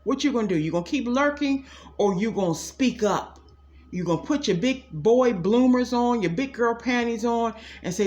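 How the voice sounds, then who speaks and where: A woman's voice: on the high side, lively intonation, moderate pace, a little mellow. A middle-aged woman giving a casual psychic reading straight to her viewers, blunt and sassy, calling them "y'all". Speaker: psychic tarot reader. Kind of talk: casual direct-to-camera reading.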